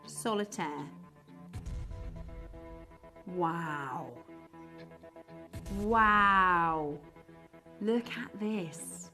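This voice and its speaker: A woman's voice: mid-range voice, expressive, measured pace, fairly bright tone, soft background music. A woman presenting live on a shopping channel, chatty and enthusiastic as she banters with colleagues off camera. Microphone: studio mic.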